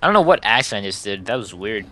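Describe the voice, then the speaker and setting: A man in casual gaming chat with a friend, excitable and teasing, slipping into goofy voices. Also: on the low side, quick pace. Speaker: gamer, friend of the host.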